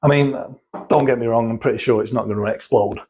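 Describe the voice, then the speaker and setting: A man's voice: mid-range voice, fast talker, darkish tone, husky, poor audio. A man talking casually and explaining things step by step, thinking aloud and restarting sentences as he goes. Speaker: guest explaining cosmetic chemicals. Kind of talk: casual chat.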